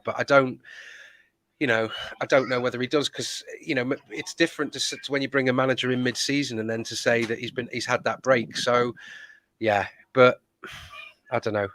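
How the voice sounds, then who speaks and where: A man's voice: mid-range voice, fairly bright tone, dry recording. A man hosting a football fan phone-in, talking in a hesitant, searching way with many fillers. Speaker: fan channel host. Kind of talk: casual phone-in chat.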